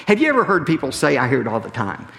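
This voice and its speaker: A man preaching a sermon as a pastor, emphatic, often dropping low and slow on key phrases. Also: huge pitch swings, vocal fry, fairly bright tone. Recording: preached in a large hall with long reverb.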